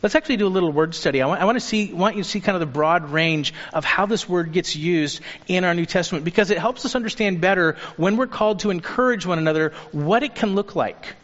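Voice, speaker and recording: A man preaching a sermon as a pastor, earnest and urging, turning lively when he acts out the people he quotes. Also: sits high, fast talker, hardly any pauses. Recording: dull sound with long reverb of a hall.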